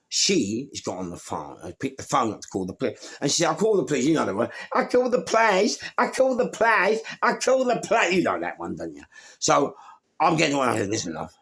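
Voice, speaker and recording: Gravelly london geezer, middle-aged, telling a story all animated, husky voice swinging up and down. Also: male voice, fairly low pitch. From England. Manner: acts out other people's voices, swears freely.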